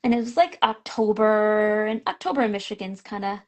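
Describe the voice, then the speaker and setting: A middle-aged woman, a picture book author, chatting as a guest and telling an animated story full of "like" fillers and laughter. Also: medium pitch, brisk. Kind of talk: casual chat.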